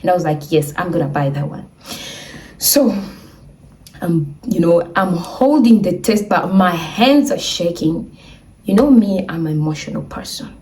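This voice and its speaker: A woman's voice: lowish voice, measured pace, distant mic, a little hiss or hum. A young woman telling a personal story in a casual vlog, acting out the voices of the people in it. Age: young adult. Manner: animated, acts out quoted voices.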